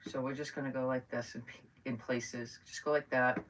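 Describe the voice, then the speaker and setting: A woman's voice: rumbling low, fairly even intonation, moderate pace, a little hiss or hum. A middle-aged woman hosting a live crafting stream, chatting and thinking aloud as she works. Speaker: craft host. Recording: distant from the mic.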